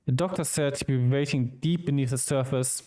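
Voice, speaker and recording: A man streaming a visual novel, reading the game's dialogue aloud with quick asides of his own. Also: mid-range voice, mellow.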